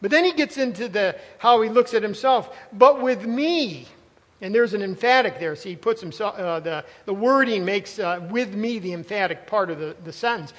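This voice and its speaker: A high-pitched man delivers a sermon as pastor, speaking in an emphatic, conversational way that doubles back on phrases for stress. His voice carries a long reverb tail, as if recorded in a church sanctuary. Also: a little fast, few pauses, fairly bright tone. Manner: emphatic, conversational preaching with asides and repeated phrases.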